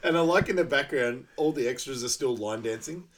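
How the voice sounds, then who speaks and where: A man's voice: mid-range voice, fairly quick, over a noisy crowd. Chatty man laughing through a film recap. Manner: laughs often, quotes film lines in bursts. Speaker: podcast co-host. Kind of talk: casual film recap chat.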